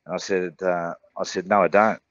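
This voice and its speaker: A man's voice: low-pitched, level tone, normal speed, a bit bright, no room sound, dull audio. An Australian man, a radio co-host, rambling through casual sports-show banter with lots of stammers and mates. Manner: rambling storyteller, stammers and says mate often.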